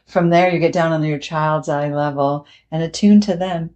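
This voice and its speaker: A woman therapist giving a calm, measured, scripted talk to parents. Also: deep voice.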